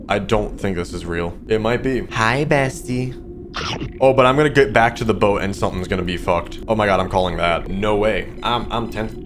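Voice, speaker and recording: A man's voice: on the low side, noisy background. A man streaming a game, chatting in a jokey, nervous way and calling the characters bestie. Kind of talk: casual gameplay commentary.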